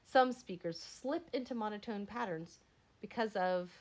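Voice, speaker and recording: A woman's voice: medium pitch, a little slow, a little mellow. A woman instructor reading a textbook lesson aloud, with frequent slips and self-corrections. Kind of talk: lecture read aloud.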